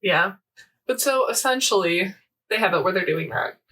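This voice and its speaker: A young woman co-hosting a laid-back podcast walks through a game event recap, rambling animatedly and leaning on fillers and quotes. Her mid-range voice is bright, forceful and animated at a moderate pace, picked up by a distant mic.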